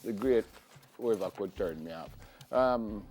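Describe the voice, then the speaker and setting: A man's voice: on the low side, unhurried, a little mellow, soft background music. A Jamaican man co-hosting a morning TV segment, thinking aloud with frequent ums and restarts. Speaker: morning show co-host. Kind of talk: casual studio chat. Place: TV studio.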